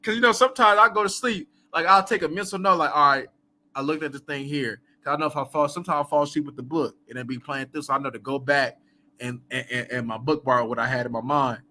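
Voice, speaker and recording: A man's voice: on the high side, quick pace, bright, forceful tone, slight background noise. A man hosting a casual live book chat, talking loosely with many fillers and asides and laughing often between thoughts.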